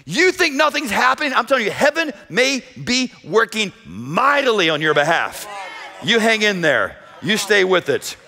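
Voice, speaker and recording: Pastor, male, high bright delivery, dramatic sermon with sudden shouts and hushed drops, church hall reverb. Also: big pitch swings, normal speed, vocal fry. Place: church sanctuary. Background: long hall reverb.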